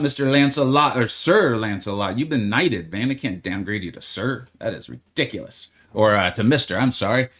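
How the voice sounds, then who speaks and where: A man's voice: medium pitch, fairly bright tone. A man hosting a live game stream, chatting in an upbeat, friendly way and greeting viewers by name as he talks through his plans.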